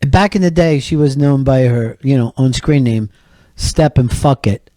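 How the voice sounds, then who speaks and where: Middle-aged male radio host, warm low-bright tone, mocking and profane, dry. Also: unhurried, no echo. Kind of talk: comedy radio talk.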